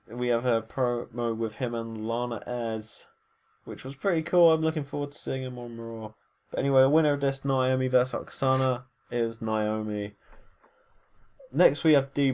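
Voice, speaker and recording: A man gives a casual, rambling recap of wrestling matches, packed with fillers and self-corrections. He reviews wrestling shows in a mid-range voice with a darkish tone, and the sound is clean.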